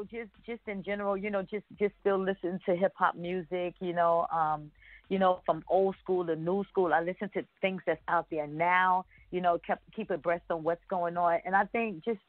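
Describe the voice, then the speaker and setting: A woman's voice: on the low side, dry recording. A woman in her fifties, a guest on a radio interview, talking loosely with many fillers and restarts. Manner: rambling, many "you know" fillers and restarts. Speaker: guest rapper. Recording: dry tinny phone-like line.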